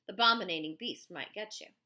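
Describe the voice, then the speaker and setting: A woman's voice: mid-range voice, fast. A woman voicing a stern, suspicious policewoman in an audiobook, barking her lines. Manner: barking, sharp. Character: stern suspicious female small-town police officer.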